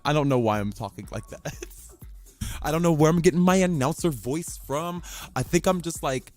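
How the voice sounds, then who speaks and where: A man hosting his own podcast in a casual monologue, sassy and profane, swinging his pitch up and down as he jokes. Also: moderate pace, darkish tone, no echo. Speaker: podcast host.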